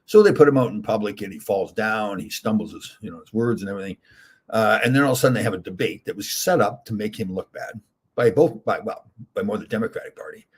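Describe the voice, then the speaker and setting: Brief: middle-aged male host, low husky voice, rambling casual chat with viewers. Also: fast talker. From Canada. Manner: rambling, chatty, reads viewer comments aloud. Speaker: livestream host answering chat.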